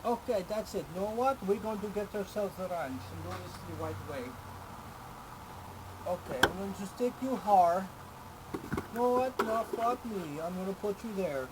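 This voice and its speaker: A man's voice: high voice, lively intonation, normal speed, very noisy. A man chatting casually while working on his car in a garage, full of crude, profane jokes and banter.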